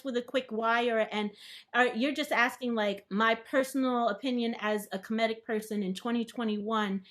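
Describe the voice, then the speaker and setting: A woman with a slightly higher-than-average voice hosts a study session. She reads book passages aloud and moves easily into relaxed, chatty commentary, answering her viewers as she goes. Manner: casual and chatty, with frequent fillers and asides. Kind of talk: reading aloud and commenting, answering chat live.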